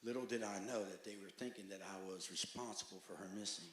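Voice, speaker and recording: A man tells his personal testimony to a church group with a bright, forceful voice. His telling is emphatic, rising to loud bursts and dropping to hushed passages. The sound carries a roomy echo from a church meeting hall. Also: quick pace. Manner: emphatic storytelling, swings between loud outbursts and hushed low stretches. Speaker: testimony speaker at a recovery meeting.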